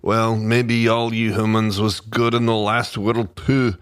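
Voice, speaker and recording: A man's voice: on the low side, level tone, slow, smooth, no room sound, voice pushed up. A man reading aloud as a rowdy male pixie leader with a Scottish accent, cheerful and boastful.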